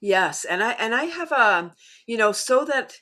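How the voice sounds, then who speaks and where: A middle-aged woman who leads laughter yoga, talking as a guest in an animated way and often breaking into demonstration laughs. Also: on the high side, measured pace. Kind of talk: conversational interview.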